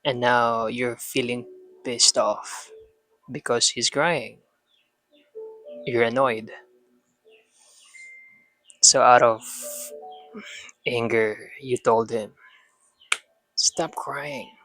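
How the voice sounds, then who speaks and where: A man who speaks to his son as a father, calmly giving parenting advice in an instructive, repetitive manner. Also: medium pitch, drawn-out words, pauses often. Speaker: parenting vlogger addressing a son. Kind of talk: advice monologue.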